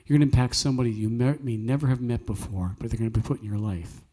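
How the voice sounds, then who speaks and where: A man's voice: mid-range voice, steady tone, fast talker, mellow. A man, hosting a live cafe music night, telling stories earnestly and preaching with jokey asides. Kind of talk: folksy storytelling with preaching.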